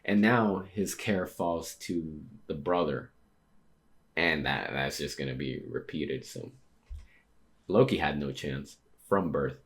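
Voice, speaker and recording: Deep-voiced man reading manga aloud. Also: slow. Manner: reads dialogue plainly, breaks off to react with surprise. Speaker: manga reader and commentator.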